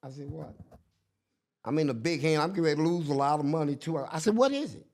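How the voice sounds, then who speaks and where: A man's voice: a little high, quick pace. An older man telling a story in casual chat, acting out the people he quotes. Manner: animated, acts out quotes in different voices. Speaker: guest.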